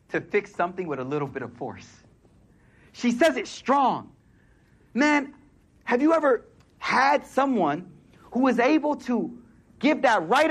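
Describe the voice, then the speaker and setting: A man's voice: very high-pitched, fairly bright tone. A man preaching a sermon in a casual, slangy way, repeating key phrases for emphasis. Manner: casual, street-slang delivery with emphatic repetition.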